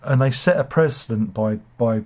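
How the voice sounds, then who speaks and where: A man hosts a relaxed live chat with a slight cold and a cough in his throat. He rambles, restarts his sentences and fills the gaps with ums. His pitch sits in the usual middle range for a man. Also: normal speed. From United Kingdom. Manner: rambling and hesitant, many fillers and restarts, jokey asides. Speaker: host of a live chat show. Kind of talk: casual opinionated chat, reading viewer comments.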